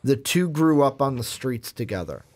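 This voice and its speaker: A young man co-hosting a casual movie chat, rambling and animated. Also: mid-range voice, moderate pace. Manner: rambling, animated, swears now and then. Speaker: podcast co-host.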